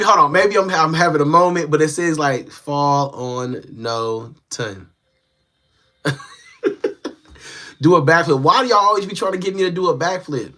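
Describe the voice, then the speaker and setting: A young man chatting casually on a live stream from a small home setup, reading and answering viewer comments in a relaxed, slangy way. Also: fairly high pitch. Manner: laid-back, slangy, talks straight to viewers. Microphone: phone.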